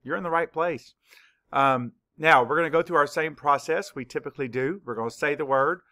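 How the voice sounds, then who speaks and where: A man teaching a spelling lesson to young children, dictating words slowly and clearly, sound by sound. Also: fairly high pitch, pushed and bright. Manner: slow, clear word-by-word dictation.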